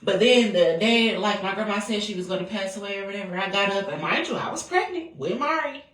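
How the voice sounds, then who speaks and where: A woman's voice: mid-range voice, lively intonation, brisk, fairly bright tone. A woman, telling a personal story in a candid, profane, rambling way. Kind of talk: casual storytelling. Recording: roomy, distant from the mic.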